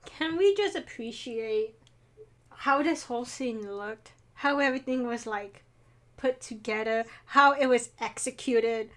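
A woman's voice: fairly high pitch, a little slow, fairly bright tone. A young woman co-hosting a podcast, chatting in a bubbly, giggly way with lots of fillers. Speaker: podcast co-host. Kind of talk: casual chat.

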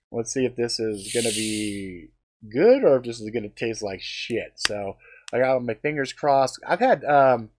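A man chatting casually on a live stream, rambling with lots of fillers and swearing, breaking into loud exclamations as he tastes snacks. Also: mid-range voice, slight background noise.

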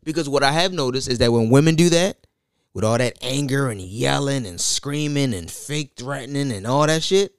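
A man with children, in casual chat, blunt and profane, telling stories with lively delivery. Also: mid-range voice, normal speed, smooth, dry recording, studio quality. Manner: blunt, profane, animated, laughs at his own jokes.

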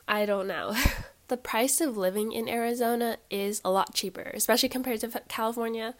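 A woman in her twenties with a stuffy nose, hosting a casual solo podcast and rambling through life updates with lots of ums and likes. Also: a little high. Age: 20s. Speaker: podcast host.

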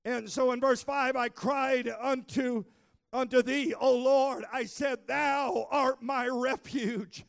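High, gravelly preaching pastor. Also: male voice, fairly even intonation, slow. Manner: preaching with rising intensity, frequent "uh" fillers, shouted exhortation. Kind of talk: sermon. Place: church sanctuary.

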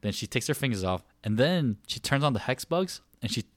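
His pitch sits in the middle and he talks a little fast over a dry recording. A man in his thirties, he co-hosts a relaxed podcast, telling lively stories with plenty of laughs and acted-out quotes.

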